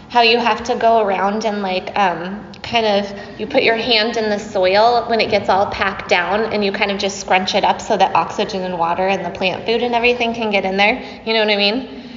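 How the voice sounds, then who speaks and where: A woman's voice: medium pitch, fairly bright tone, slight background noise. A middle-aged woman, a yoga teacher, giving a chatty dharma talk to her class, laughing often and using many fillers. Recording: dull echoey hall recording.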